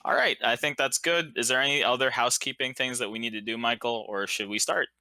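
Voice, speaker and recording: A man running a tabletop role-playing game, describing the world in a loose, casual way full of fillers and slow dramatic beats. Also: medium pitch, pushed and bright, dry recording. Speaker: game master.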